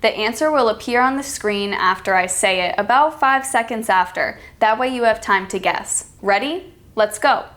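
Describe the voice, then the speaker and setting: American woman accent coach, slightly high voice, clear deliberate delivery for learners. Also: a bit bright. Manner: calls herself extremely sarcastic. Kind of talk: teaching lesson with read-aloud examples.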